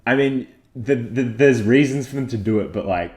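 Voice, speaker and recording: A young man, a podcast co-host, chatting in a relaxed way and leaning on filler words. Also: mid-range voice, moderate pace, echoey room. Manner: laid-back, chatty, uses many filler words. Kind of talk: casual chat.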